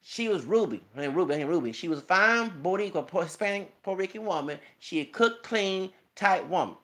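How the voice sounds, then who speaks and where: A man's voice: high-pitched, animated, brisk, a bit bright. A man ranting emotionally and profanely in his own vlog, delivering celebrity gossip commentary. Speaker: YouTuber.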